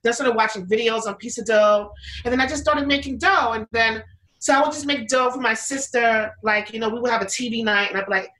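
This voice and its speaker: A woman's voice: a little high, steady tone, a little fast, a bit bright, low-quality recording. A woman guest in an interview, telling her story in a casual, chatty way with many fillers and restarts, acting out what others said. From United States. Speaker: interview guest, pizza business owner.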